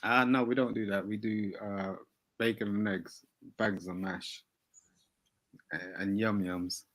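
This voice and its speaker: A man, a guest on a live panel, talking defensively and haltingly. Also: on the low side, steady tone, fairly bright tone, poor audio. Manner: defensive, halting, with many restarts. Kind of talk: heated live panel talk.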